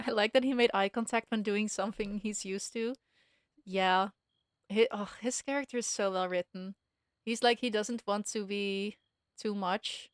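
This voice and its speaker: A young woman streaming a story game, chatting and reacting out loud, often breaking off mid-sentence. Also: medium pitch, fairly even intonation, normal speed, smooth, no echo, clean studio sound. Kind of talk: live-stream game commentary.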